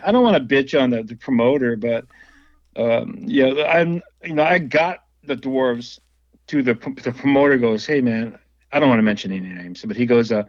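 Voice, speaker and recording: A man's voice: mid-range voice, normal speed, no room sound. Guy rambling thru band stories, laughs a lot, dry slightly dull sound. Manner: rambling, laughs often, many restarts. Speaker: guest musician and label owner. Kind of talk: casual storytelling interview.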